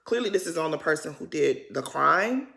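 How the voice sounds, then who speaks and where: A woman's voice: sits low, animated, normal speed, vocal fry, sharp tone. Chatty, slangy woman recapping reality TV. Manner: chatty, slangy and dramatic, addressing viewers as "y'all". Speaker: recap vlogger.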